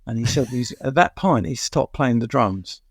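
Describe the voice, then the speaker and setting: An older man from England recounts stories as an interview guest, his voice gravelly and fry-edged. He rambles with many fillers and chuckles at his own tales. The sound is dry and close. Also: mid-range voice, expressive, normal speed, no echo. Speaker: music journalist guest. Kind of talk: anecdotal interview storytelling.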